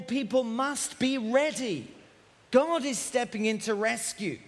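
Male preacher, high pitch, outdoor camp sermon delivered at a shout, long reverb. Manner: shouting loudly to carry in the rain.

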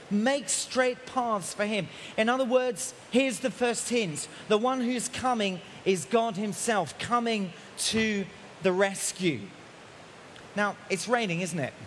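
Guy preaching outside at a camp, high voice, shouting loud, long reverb tail. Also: a little hiss or hum. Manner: shouting loudly to carry in the rain. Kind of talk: outdoor sermon. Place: outdoors, at a camp in the rain.

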